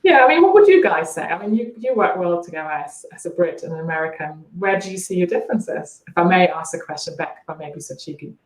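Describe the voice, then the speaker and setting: A woman's voice: fairly low pitch, lively intonation, quick pace, few pauses. A woman with a German accent, a branding coach chatting as an interview guest, laughing often and talking animatedly. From East Germany. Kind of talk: casual interview chat. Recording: roomy echo.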